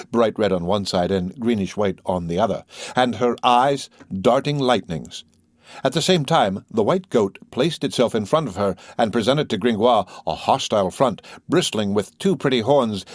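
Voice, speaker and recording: A man narrating a classic novel as an audiobook reader, with a measured, expressive reading. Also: lowish voice, dry recording, clean studio sound.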